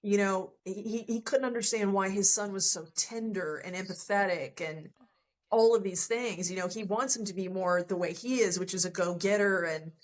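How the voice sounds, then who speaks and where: A woman's voice: medium pitch, fairly even intonation, moderate pace. A woman sharing a personal love story as a podcast guest, candid and emotional, often quoting what others said to her.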